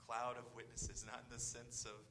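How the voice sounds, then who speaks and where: A man's voice: medium pitch, monotone, moderate pace, background noise. A man preaching a sermon, earnest and often repeating his words, sometimes dropping almost to a whisper. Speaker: pastor.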